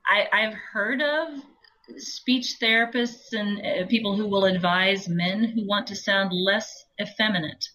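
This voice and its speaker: A woman with a low voice, an audiobook narrator talking through her approach in a chatty, explanatory interview. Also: a little slow, sharp tone, low-quality recording. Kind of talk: conversational interview.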